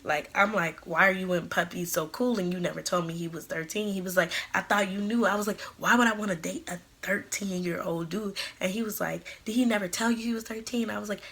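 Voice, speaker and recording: A woman's voice: medium pitch, fairly even intonation, quick pace, few pauses, a bit bright, slightly rough. A woman of about twenty-one, telling a storytime vlog and acting out the quoted lines. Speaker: vlogger.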